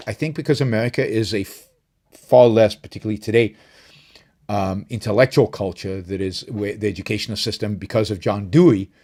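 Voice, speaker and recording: A middle-aged man hosting a live stream, talking casually, rambling with fillers and restarts, and rising in pitch when he makes a point. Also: darkish tone. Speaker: show host.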